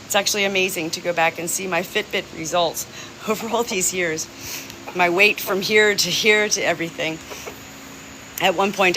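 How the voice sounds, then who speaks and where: A woman's voice: fairly low pitch, steady tone, normal speed, pushed and bright, poor audio. A middle-aged woman chatting live from her small farm, rambling and sentimental, laughing often. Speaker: hobby farmer streaming live. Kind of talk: rambling live-stream chat. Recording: faint outdoor noise. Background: insects and crickets.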